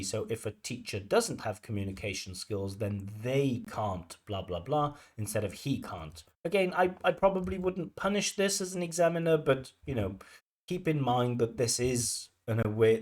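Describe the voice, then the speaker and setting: Male examiner, conversational commentary, relaxed explanatory delivery. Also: mid-range voice, normal speed. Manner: explanatory, chatty, many "you know" fillers. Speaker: IELTS examiner giving feedback. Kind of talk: commentary on a recorded speaking test.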